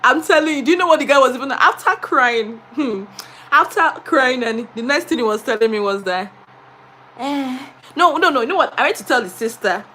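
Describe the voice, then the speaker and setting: A young Nigerian woman, a teacher, telling a story on a casual live stream in an animated, dramatic way, laughing through her words. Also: high voice, moderate pace, a little hiss or hum. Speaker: teacher and vlogger.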